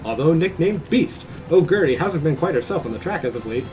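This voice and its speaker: A booming, old-fashioned race announcer, as a man puts him on with a theatrical transatlantic lilt, his pitch swinging up and down with every call. Faint music plays underneath. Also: expressive, a little fast, a little mellow, close to an everyday voice, low-quality recording. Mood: excited. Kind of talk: voicing game text on stream.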